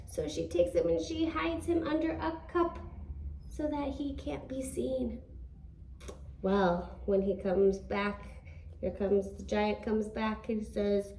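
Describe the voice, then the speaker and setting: A woman's voice: a little high, mellow. A woman teacher telling a story to young children with animation, stopping often to ask them questions. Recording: roomy, distant from the mic.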